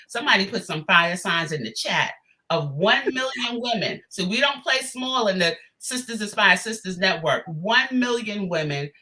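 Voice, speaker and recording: A woman's voice: fairly low pitch, bright, forceful tone. A woman hosting a virtual summit, giving an emphatic, hyped introduction of the next speaker. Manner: hyped, emphatic, hypes up the guest. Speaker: host.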